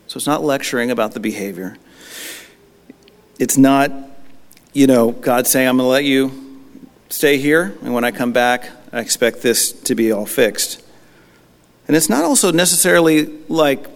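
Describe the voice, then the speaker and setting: A man's voice: medium pitch, in a large hall. A man preaching a conversational, reflective sermon, often asking rhetorical questions. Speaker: pastor. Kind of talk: sermon teaching.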